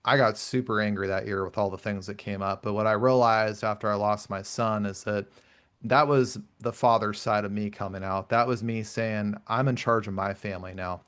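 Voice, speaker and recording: A man's voice: lowish voice, steady tone, normal speed, a bit bright. A man in his thirties hosting a podcast interview, earnest and reflective as he shares his own experiences. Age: 30s. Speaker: podcast host. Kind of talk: conversational interview.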